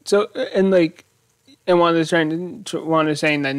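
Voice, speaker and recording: A man hosting his own channel, casually recapping a TV episode in a rambling, animated way, thinking aloud. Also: fairly high pitch, normal speed, clean tone, dry recording. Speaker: YouTube show host.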